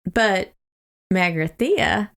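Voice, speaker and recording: A woman's voice: mid-range voice, sing-song, extremely slow, a bit bright. A young adult woman co-hosting a podcast, chatting casually as she sums up a book's plot with loose quoted asides. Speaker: podcast co-host. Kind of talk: casual book-club chat.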